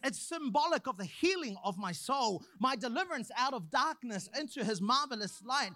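A young man preaching a sermon, praying and then telling a personal story in an animated way. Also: very high voice, normal speed, dry recording. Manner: animated storyteller, acts out quoted voices.

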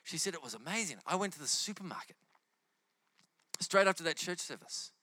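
A man's voice: high voice, moderate pace, no room sound. A man preaching, telling healing stories and acting out the people in them. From New Zealand. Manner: animated, acts out the people in his stories. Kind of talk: sermon storytelling.

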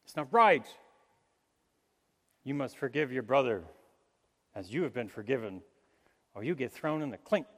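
A man preaching a sermon, animated, chuckling and acting out the voices of the people he quotes. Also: mid-range voice, moderate pace, pauses often. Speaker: pastor. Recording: long hall reverb.

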